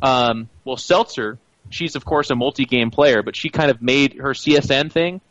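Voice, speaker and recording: A man's voice: medium pitch, moderate pace, a bit bright, dull audio, a little hiss or hum. A man co-hosting an esports podcast, making his case in long, opinionated runs. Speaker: podcast co-host. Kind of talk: casual esports podcast chat.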